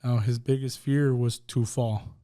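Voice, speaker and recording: Man telling a painful story, mellow voice. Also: mid-range voice, fairly even intonation, a little slow. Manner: emotional storytelling, acts out dialogue. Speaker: podcast guest. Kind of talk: personal testimony.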